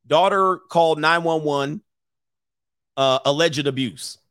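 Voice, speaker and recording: A man's voice: fairly high pitch, takes it slowly, fairly bright tone, smooth, no room sound, clean studio sound. A man hosting a casual commentary show, joking, swearing and laughing often. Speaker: host.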